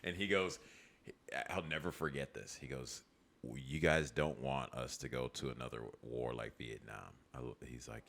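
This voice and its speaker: Forties male co-host, very deep gravelly voice, meandering anecdotes. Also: big pitch swings, moderate pace, a bit bright, a little hiss or hum. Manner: rambling storyteller. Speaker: podcast co-host. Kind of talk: casual comedy chat.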